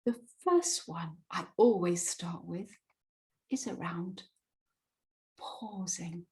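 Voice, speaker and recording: A British woman giving a webinar as a presentation skills coach, speaking deliberately with emphatic pauses and stressed words. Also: lowish voice, a little mellow, poor audio. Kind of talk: webinar talk.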